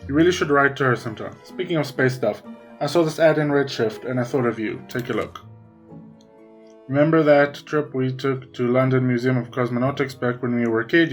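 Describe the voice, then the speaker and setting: A man's voice: medium pitch, natural voice. A man voicing a cheerful fatherly professor reading a letter to his kid in a chatty way. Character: cheerful fatherly middle-aged professor dad.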